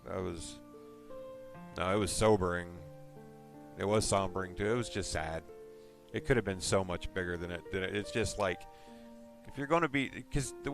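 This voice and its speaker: A man with a fairly low voice talks casually to his live stream viewers. He rambles and teases, jumping from one thought to the next. Faint music plays underneath. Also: a bit bright. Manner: joking, rambling, teasing.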